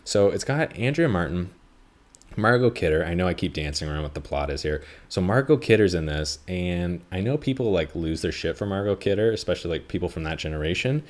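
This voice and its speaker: A man's voice: sits low, expressive, a little fast. A man hosting a podcast, chatting casually about a film in a rambling, self-correcting way, swearing freely. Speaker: podcast host. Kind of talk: casual movie review chat.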